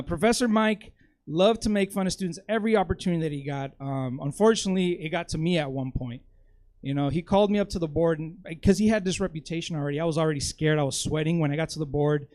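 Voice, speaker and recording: A man from the United States tells a stand-up story in a loose, chatty way, padding his lines with "like" and "you know." His voice sits a little high. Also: darkish tone. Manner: casual, lots of "like" and "you know". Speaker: comedian telling a story.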